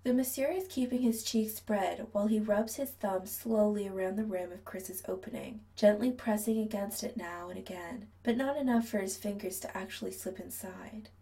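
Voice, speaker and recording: A woman narrates a story in a low, hushed reading that keeps slipping into a whisper. Her voice has a gravelly, mellow texture. She sits a little back from the microphone. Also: moderate pace, few pauses, distant mic, low-quality recording. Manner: soft, hushed reading that often drops to a whisper. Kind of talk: scripted narration.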